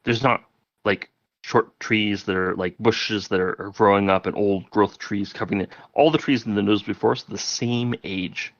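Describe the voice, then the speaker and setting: A man's voice: on the low side, fairly even intonation, moderate pace, dry recording. A man narrating as game master in a loose, rambling way with many fillers. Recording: dry, dull lo-fi audio.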